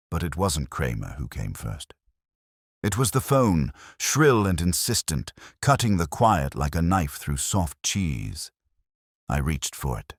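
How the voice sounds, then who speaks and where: Male narrator, first-person mystery, wry, very deep voice, dry close sound. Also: sing-song, unhurried, slightly rough, no echo. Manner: wry, conversational storytelling.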